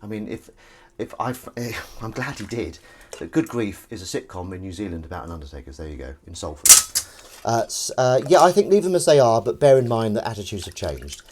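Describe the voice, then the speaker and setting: A man's voice: on the low side, sing-song, brisk, background noise. A man hosting a livestream, chatting and rambling while washing dishes. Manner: rambling, chatty, self-interrupting. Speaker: livestream host. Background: clattering dishes and cutlery.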